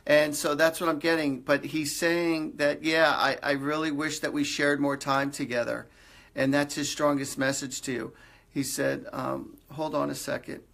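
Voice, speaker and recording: A man's voice: fairly high pitch, creaky, a bit bright. A middle-aged man, hosting a live psychic reading and passing on reassuring messages in an earnest voice that often repeats itself. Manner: earnest, reassuring, repeats phrases, jokes lightly. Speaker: psychic medium host. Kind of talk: live-stream reading for viewers.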